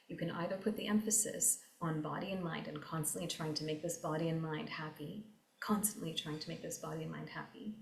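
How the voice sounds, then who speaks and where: A woman speaks in a somewhat low voice, earnest and reflective as she explains meditation teachings. She repeats key phrases and slows down to stress them. Her voice carries a noticeable echo from the room around her. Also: darkish tone. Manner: earnest, repetitive, slows down for emphasis.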